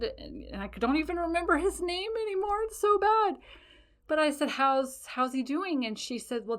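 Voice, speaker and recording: Woman, podcast host, casual storytelling, rambling, profane, animated. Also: sits high.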